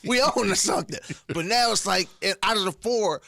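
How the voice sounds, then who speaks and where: Animated comedian guest, bright voice. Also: male voice, high voice, a little fast, vocal fry. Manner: animated storyteller, makes sound effects, slangy. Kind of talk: casual sports talk. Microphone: studio microphone.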